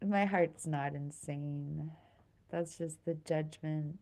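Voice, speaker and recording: A woman's voice: deep voice, slow pace. A young woman streaming live, chatting casually with viewers. She rambles, laughs at herself often and stops to thank people for gifts. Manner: giggly, self-mocking, rambling.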